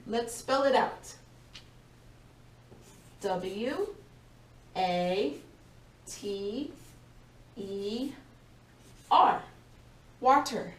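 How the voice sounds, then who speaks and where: A woman teaching a vocabulary lesson to a class of young learners, speaking slowly and clearly and encouraging them as they go. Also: a little high, fairly bright tone. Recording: echoey room, voice from a distance.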